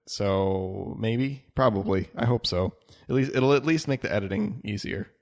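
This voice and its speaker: Male podcast co-host, lowish voice, easygoing rambling chat, echoey home room. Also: normal speed.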